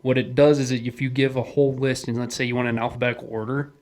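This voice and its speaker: A man's voice: medium pitch, level tone, fast, a little mellow. A young man co-hosting a podcast, talking casually, swearing freely and laughing as he explains things. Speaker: podcast co-host. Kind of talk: casual chat.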